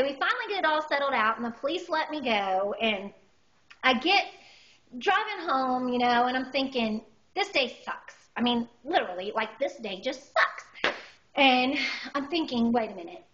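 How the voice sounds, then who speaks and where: A woman, doing an animated, exaggerated stand-up comedy routine. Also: sits high. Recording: dull lo-fi recording.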